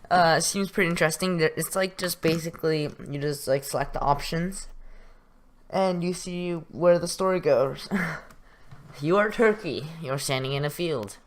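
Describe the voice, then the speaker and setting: A man's voice: a little high, slight background noise. Young man reading a text game aloud. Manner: chuckling, casual, stumbles over words. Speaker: gaming YouTuber.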